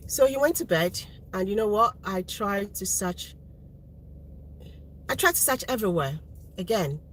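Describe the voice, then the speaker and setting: A woman's voice: mid-range voice, animated, measured pace, a bit bright. A mother telling a family story, noisy background. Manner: earnest, repeats and restarts while recounting. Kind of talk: casual personal storytelling.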